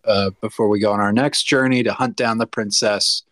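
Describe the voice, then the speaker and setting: Playful male podcast co-host, mid pitch, dry close sound. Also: fairly even intonation, fairly quick, fairly bright tone, dry recording. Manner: playful, jokey, laughs often. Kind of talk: casual chat.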